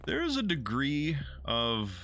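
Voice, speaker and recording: A man's voice: fairly high pitch, huge pitch swings, unhurried, pushed and bright, a little hiss or hum. A man chatting casually while streaming a game, rambling and cursing, answering chat and poking fun at himself. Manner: rambling, profane, self-deprecating, reads and answers chat.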